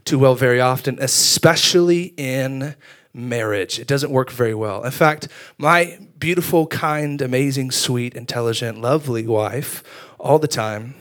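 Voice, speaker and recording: A young man preaching a sermon, telling funny stories about himself with lively energy. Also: mid-range voice, a little slow. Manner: animated storytelling with self-deprecating humor. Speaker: youth pastor.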